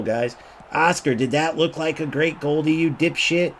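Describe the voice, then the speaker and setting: Speaking at an ordinary pace in a fairly high register, this gaming YouTuber vents his anger over gameplay with plenty of profanity. He keeps repeating himself and mocks other players, switching to a sneering voice to quote them.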